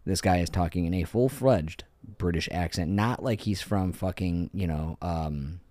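A podcast co-host in his thirties tells stories in casual chat, animated and profane, swearing freely and laughing often. His voice sits low, his pace is moderate, and there's no echo.

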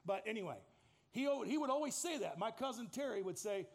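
A man's voice: sits high, very animated, quick pace. A man in his fifties preaching a sermon, telling a story in an earnest, direct way. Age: 50s. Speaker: pastor.

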